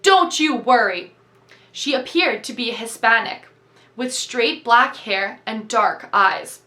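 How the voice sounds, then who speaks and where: Woman storyteller, bright and crisp, reading aloud with steady expression. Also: fairly high pitch, takes it slowly. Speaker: reader.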